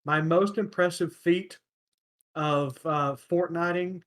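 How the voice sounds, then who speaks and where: A man hosting a casual podcast, telling stories in a relaxed way with lots of ums. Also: on the high side, takes it slowly. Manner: relaxed storyteller, many ums and uhs. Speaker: podcast host. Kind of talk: casual chat, storytelling.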